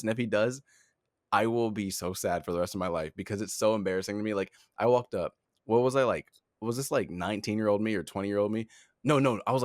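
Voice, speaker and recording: A young man co-hosting a podcast, talking in an animated, rambling way with lots of fillers and laughs. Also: on the low side, no room sound, studio quality. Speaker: podcast co-host, head of talent. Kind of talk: casual chat.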